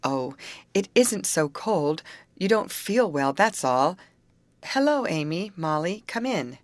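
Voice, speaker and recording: A woman voicing a brisk, bossy teenage girl who leads her friends and cheers them up firmly. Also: fairly low pitch, sing-song, no room sound.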